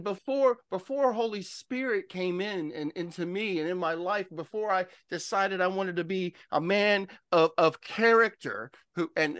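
A man's voice: high voice, fairly bright tone, no room sound, clean studio sound. A man preaching in conversation, emphatic and exhorting, with frequent "listen" and "okay".

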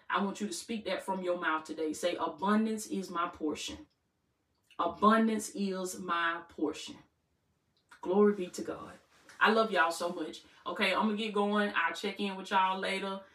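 A woman coach and channel host giving a faith-based motivational talk in a preacherly way, repeating her points in call-and-response. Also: mid-range voice. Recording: roomy room, distant mic.

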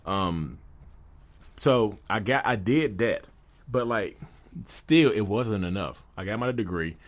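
A man's voice: lowish voice, lively intonation, takes it slowly. A man in his thirties tells his own story in a candid, conversational way, full of "you know" fillers. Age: 30s. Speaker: podcast host. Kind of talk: personal storytelling monologue.

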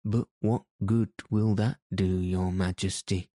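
A cool, resolute young prince, read by a man in a storybook audiobook, calm and polite. The voice is low and slow, warm and dark in tone, recorded dry and close. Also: no echo. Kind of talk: audiobook character reading.

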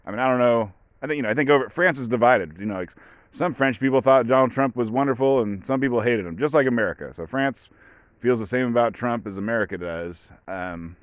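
A man's voice: medium pitch, a little fast, clean tone, no echo, highs cut off. A man hosting a podcast, talking in a casual, rambling way with many fillers. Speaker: podcast host. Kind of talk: casual solo commentary.

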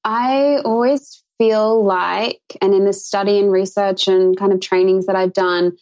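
Gravelly-voiced woman coach, earnest. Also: medium pitch, warm tone, low-quality recording. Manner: earnest, flowing, lots of "like" and "um". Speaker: podcast guest, intimacy coach. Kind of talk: casual interview talk.

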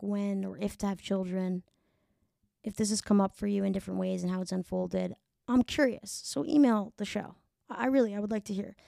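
Gravelly-voiced New woman podcaster. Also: mid-range voice, a little mellow, no echo, studio quality. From New York. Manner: rambling, profane, self-deprecating. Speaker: podcast host, comedian. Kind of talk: casual solo podcast chat.

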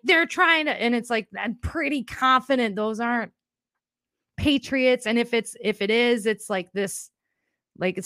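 A woman's voice: medium pitch, fairly bright tone, no room sound, clean studio sound. A woman hosting her live podcast, talking candidly and emotionally in a rambling, casual way, a bit shaken and teary. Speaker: podcast host. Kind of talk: casual live-stream monologue.

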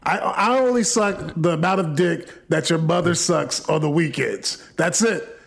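A man's voice: a little high, a little slow, gravelly, slightly rough. A man hosting a prank call-in line, trading crude, profane insults with a caller in comedic trash talk.

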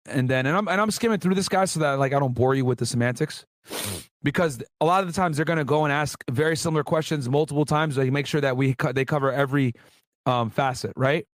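A former federal agent tells a story in a relaxed vlog, reading court transcripts aloud and tossing in slangy remarks to his viewers, whom he calls "guys." His voice is on the high side and he talks fast. There's no room sound on the recording.

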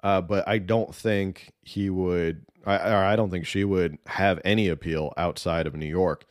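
A man with a lowish voice, recorded dry and close with no room sound. He talks through politics in a loose, rambling, opinionated way, full of ums and restarts. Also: steady tone, a little slow, dry recording. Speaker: political commentator. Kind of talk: casual political commentary.

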